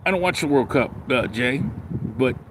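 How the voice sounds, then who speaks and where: A man's voice: medium pitch, lively intonation, normal speed, noisy background. A man ranting bluntly and sarcastically in a casual livestream, then rambling through viewer comments. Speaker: live streamer reading comments.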